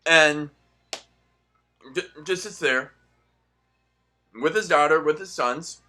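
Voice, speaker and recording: A young man ranting in a profane, sarcastic monologue, swinging between loud outbursts and muttered asides. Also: a little high, takes it slowly, faint music behind. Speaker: political commentary vlogger.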